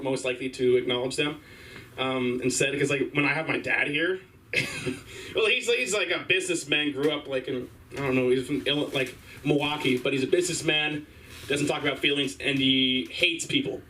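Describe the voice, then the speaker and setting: A young man rambles through an open-mic stand-up set, stopping and restarting around his fillers. His voice is fairly high and bright, picked up by a distant mic. Faint room noise sits underneath. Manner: rambling, halting, filler-heavy. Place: small comedy stage.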